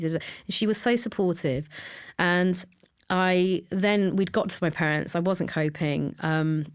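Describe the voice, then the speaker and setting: A woman's voice: on the low side, fairly even intonation, measured pace, smooth. A woman, a podcast guest telling her own story candidly and with feeling, sometimes sinking to a whisper. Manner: emotional, drops to a whisper when reliving moments.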